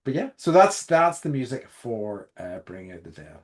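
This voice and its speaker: A man's voice: medium pitch, sing-song, normal speed. A young man from Northern Ireland co-hosting a film podcast in casual chat, rambling with lots of fillers and restarts. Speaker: podcast co-host.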